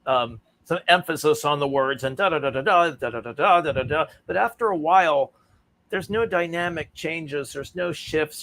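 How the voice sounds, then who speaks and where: A man answers interview questions with articulate, rhythmic emphasis, shaping each point carefully. His voice sits a little higher than most men's. He comes across as an experienced speaking coach. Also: fairly bright tone. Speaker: guest, author and speaking coach.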